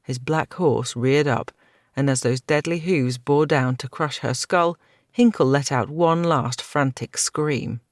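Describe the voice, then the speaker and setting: Guy narrating a fantasy novel, gravelly, dry close sound. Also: mid-range voice, a little slow, dry recording. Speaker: audiobook narrator.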